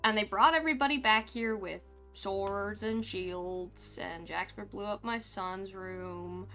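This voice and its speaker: A woman streamer recounting her character's story in a roleplay game, animated and frustrated, swearing freely. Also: medium pitch, measured pace, few pauses, soft background music.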